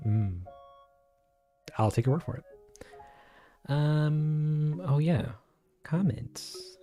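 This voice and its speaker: A man's voice: medium pitch, mellow. Rambling, giggly man on a livestream. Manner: rambling, giggly, self-deprecating. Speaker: animator livestreaming to viewers. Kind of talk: casual livestream chat.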